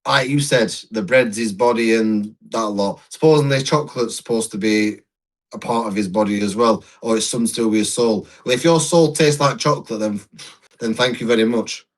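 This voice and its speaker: A man's voice: on the low side, brisk. Rambling man telling anecdotes. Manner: rambling anecdotes with restarts, laughs at own stories. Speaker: podcast co-host. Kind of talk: casual chat, storytelling.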